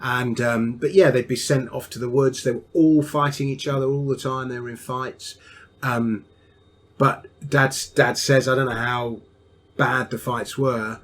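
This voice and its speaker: A man's voice: mid-range voice, steady tone, measured pace. A man, a podcast guest telling a family story at an easy, rambling pace with frequent restarts.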